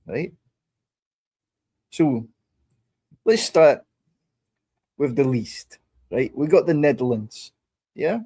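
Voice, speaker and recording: A man's voice: medium pitch, warm tone, husky. A man with a Scottish accent hosting a livestream, ranting and swearing in a mocking tone full of rhetorical questions. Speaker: livestream host.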